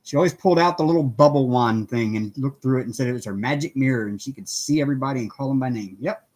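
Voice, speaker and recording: A man's voice: medium pitch, quick pace, darkish tone. A middle-aged man hosting a casual craft livestream from home, chatting with viewers, greeting them by name and laughing often. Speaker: livestream host.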